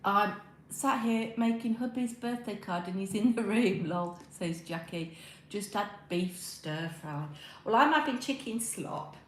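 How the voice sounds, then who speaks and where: A woman's voice: mid-range voice, a little slow, roomy sound, a little hiss or hum, low-quality recording. Chatty British woman knitting on a livestream. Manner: rambling, friendly, many ums, talks while knitting. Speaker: crafting live-streamer. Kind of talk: chatty livestream, reading chat aloud. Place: home room.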